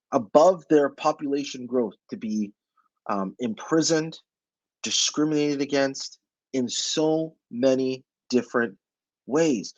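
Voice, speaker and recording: A man presents to an online audience in a slightly husky voice, pressing his points with emphasis. He keeps turning to rhetorical questions. His voice sounds close and dry, with no room around it. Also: on the high side, darkish tone, dry recording, poor audio. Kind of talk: motivational webinar talk.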